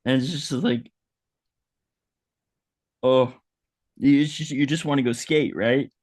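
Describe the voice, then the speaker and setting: A man's voice: mid-range voice, slow pace, a little mellow. A man playing a touchy, melodramatic dead hot dog vendor. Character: self-pitying male hot dog vendor, dead, Christmas-obsessed. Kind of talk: improvised comedy role-play.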